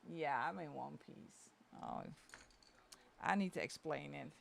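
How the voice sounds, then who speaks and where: A woman's voice: expressive, measured pace, gravelly, slight background noise. A woman chatting casually on a stream from home while she colors, laughing often. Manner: talks in a high coaxing baby voice to her dog.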